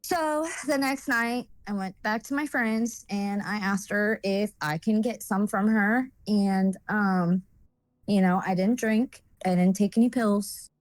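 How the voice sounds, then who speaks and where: A woman's voice: mid-range voice, fairly even intonation, unhurried, no room sound. A woman speaking as a guest and telling a personal story in a blunt, rambling way, with lots of fillers and swearing.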